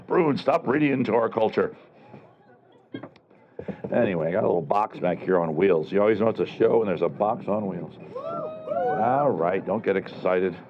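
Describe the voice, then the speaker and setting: A man's voice: fairly low pitch, huge pitch swings, moderate pace, long pauses, lo-fi sound. A middle-aged man performing a live outdoor comedy show at a renaissance fair, teasing the audience with sarcastic banter and calling people over. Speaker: street comedian and juggler.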